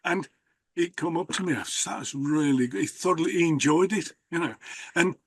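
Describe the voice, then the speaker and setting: A man's voice: fairly high pitch, steady tone, brisk, fairly bright tone, husky, no room sound. A man hosting a conversation, telling rambling stories with many restarts. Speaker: host, magician. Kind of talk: casual conversation.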